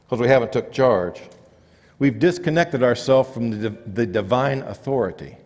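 Man preaching in a reverberant church. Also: moderate pace. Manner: rising and dropping emphatic delivery, quiet low stresses. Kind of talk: sermon. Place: church sanctuary.

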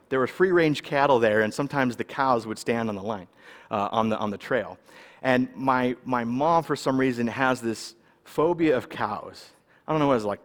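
A man from California, preaching a sermon in a casual, animated way and telling personal stories while checking in with his listeners. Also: medium pitch, big-room sound. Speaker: pastor.

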